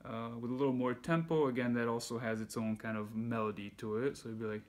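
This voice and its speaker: A man giving a casual music lesson, counting beats aloud in a relaxed way as he demonstrates. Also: mid-range voice, quick pace. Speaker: music teacher. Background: handpan playing.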